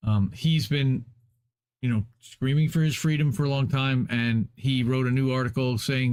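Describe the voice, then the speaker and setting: A man's voice: mid-range voice, moderate pace, a little mellow. Emphatic man reading an article aloud. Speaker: live stream host.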